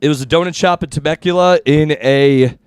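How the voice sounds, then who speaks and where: A man's voice: fairly high pitch, fairly quick, clear, resonant tone, dry recording. A man co-hosting a podcast in casual chat, telling rambling stories with laughs and swearing. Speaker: podcast co-host.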